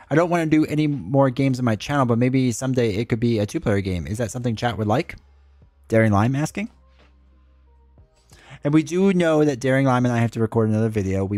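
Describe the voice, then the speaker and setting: A man's voice: medium pitch, a little mellow, no echo. Chatty male streamer, dry close sound. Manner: chatty, reads and answers chat, rambling asides. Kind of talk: casual live-stream chat.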